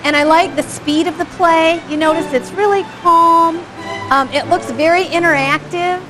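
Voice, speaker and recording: A high-pitched woman talks a class through dog-play footage in a chatty, engaged way. She keeps asking her listeners whether they caught each moment and chuckles often. Music plays clearly behind her. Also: steady tone, moderate pace, rough recording. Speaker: dog behavior instructor. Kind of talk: live commentary on home video for a class.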